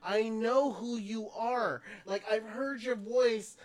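A podcast host with a fairly high voice speaks slowly while faint music plays behind her. Her casual chat is full of laughter and filler words.

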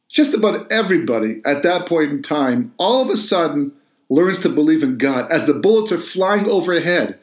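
A man's voice: on the high side, reverberant. A man, an author, talking earnestly about his religious books and telling a joke to explain his ideas.

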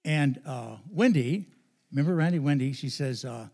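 A man's voice: mid-range voice, expressive, moderate pace, warm tone. An older man preaching as a guest pastor in a church, telling a chatty, joking story to the congregation before turning to his sermon. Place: church sanctuary.

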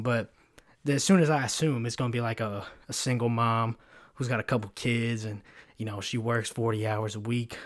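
Profane ranting podcast guy. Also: medium pitch. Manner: profane, rambling storytelling with many fillers. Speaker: podcast host. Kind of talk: casual solo podcast rant. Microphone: pop filter mic.

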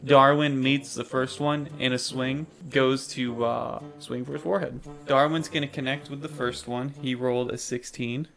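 A man's voice: medium pitch, fairly even intonation, moderate pace, vocal fry, few pauses, over music. A man narrating as game master of a tabletop game, casual and profane.

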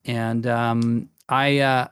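A man's voice: medium pitch, level tone, very slow, a bit bright, smooth, dry recording. A man co-hosting a casual podcast chat about tabletop gaming, talking with enthusiasm and rambling through many restarts. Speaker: podcast co-host.

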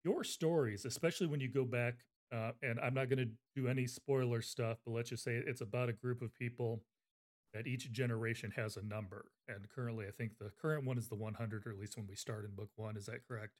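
A man's voice: mid-range voice, fairly even intonation, brisk. A man hosting a casual livestream book interview, chatty and rambling with fillers. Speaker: interview host.

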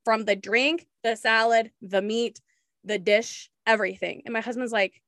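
A woman's voice: fairly high pitch, fairly even intonation, moderate pace, a bit bright, no echo, studio quality. A young woman from Washington state hosting a casual chat, blunt and outspoken, laughing often. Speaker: podcast host.

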